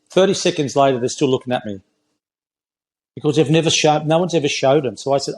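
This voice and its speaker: A man's voice: mid-range voice, brisk, darkish tone. Australian man, 60s, former player; blunt, opinionated, calls everyone mate. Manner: blunt, opinionated storytelling, says "mate" often. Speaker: former rugby player, guest. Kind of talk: casual podcast interview.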